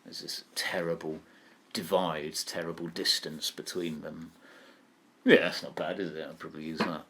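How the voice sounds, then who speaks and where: A man's voice: very deep voice, flat delivery, moderate pace, fairly bright tone. A man teaching an online poetry lesson, thinking aloud and asking his students questions. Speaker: English teacher.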